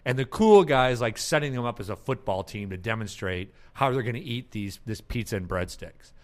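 A man hosting a casual marketing podcast, talking in an animated way and acting out ad characters with laughs. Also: mid-range voice, fairly quick. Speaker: podcast host. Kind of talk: casual chat.

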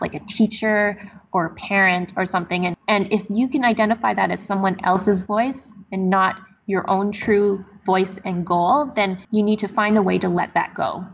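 A woman guest on a podcast, a doctor, giving earnest, measured advice. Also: medium pitch, breathy edge, dull audio. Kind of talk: podcast interview.

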